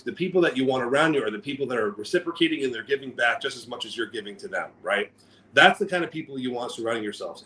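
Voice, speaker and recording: A man co-hosting a business podcast in animated, rambling casual chat, often stopping and restarting his sentences. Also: medium pitch, a little hiss or hum, low-quality recording. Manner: animated, rambling, self-interrupting. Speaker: podcast co-host.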